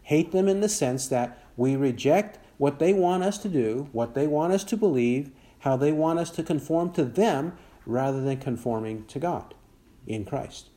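A man preaching an expository sermon, reading scripture aloud and growing more forceful at its dramatic lines. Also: on the high side, expressive, normal speed.

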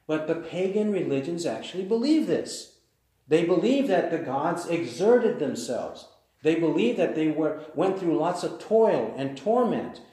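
Male preacher, emphatic and repetitive, warm timbre, heavily reverberant church hall. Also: on the high side. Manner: emphatic, repeats key phrases. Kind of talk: sermon. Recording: very echoey hall.

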